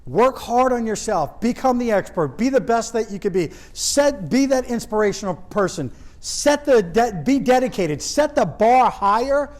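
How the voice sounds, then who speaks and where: A man with a notably high voice delivers a motivational keynote to a live audience. He tells stories, speaks directly to the crowd and drives points home by repeating phrases. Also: expressive, normal speed, few pauses, low-quality recording. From Louisiana, US. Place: stage before a live audience.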